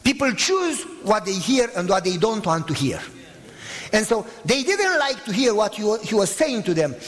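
A man's voice: sits high, big pitch swings, moderate pace, in a large hall. A middle-aged male pastor preaching a sermon with emphatic delivery and frequent rhetorical questions to the congregation.

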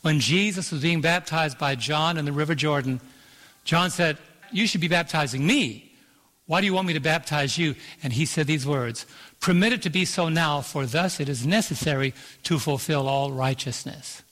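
A pastor preaching a sermon in an auditorium, calling out to the congregation and drawing out key phrases. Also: male voice, fairly high pitch, a bit bright. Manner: preaching with call-and-response and slowed emphasis. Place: large auditorium. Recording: long hall reverb.

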